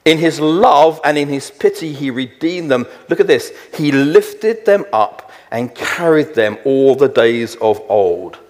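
A middle-aged man preaching a sermon, slowing down to read scripture verses with weight and emphasis. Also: on the high side, lively intonation, darkish tone. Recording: long hall reverb.

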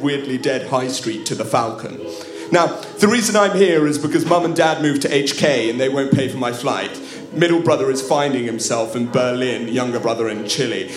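A man telling a comic story at a live show, theatrical and wry, turning to the audience for asides. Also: mid-range voice. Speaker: comedian storyteller. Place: live comedy venue. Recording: echoey room at a live show.

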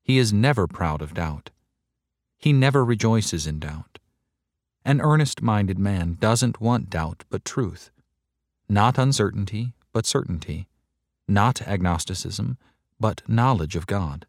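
A man preaching a sermon to a large crowd, earnest and measured, driving points home with slow, emphatic repetition. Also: fairly low pitch, expressive, dry recording, clean studio sound. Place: large hall before a crowd.

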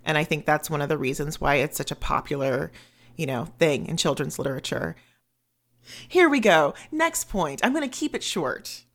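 A woman with a slightly low voice co-hosts a casual book podcast. She is chatty and eager, and she readily rattles off lists as she steers the conversation. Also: animated, normal speed.

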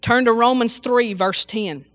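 A woman's voice: fairly high pitch, a little slow, no echo, studio quality. A woman preaching an informal sermon, exclaiming hallelujah often and restarting her sentences.

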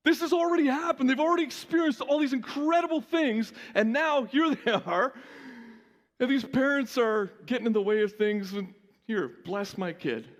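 A male pastor giving a lively, conversational sermon, often restarting his sentences. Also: extremely high pitch, normal speed, in a large hall.

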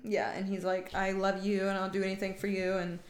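A woman's voice: medium pitch, monotone, fairly quick. A woman co-hosting a movie podcast, blunt and mocking, with swearing all through her casual talk. Her voice carries a noticeable room echo. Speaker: podcast co-host. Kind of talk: casual movie review chat. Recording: echoey room.

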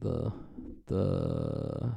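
A man's voice: low-pitched, wildly swooping pitch, drawn-out words, gravelly, mellow, breathy edge, no echo. A young man co-hosting a podcast, talking casually in a rambling way with lots of fillers and swearing. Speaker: podcast co-host.

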